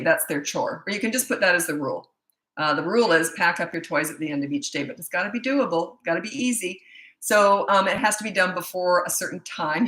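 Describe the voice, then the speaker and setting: Here the same kind of parenting coach, a woman, answers questions in a relaxed live Q&A, blunt and talkative, frequently interrupting her own thoughts. Her pitch is fairly low, her tone bright and forceful, and the low-quality audio sounds roomy.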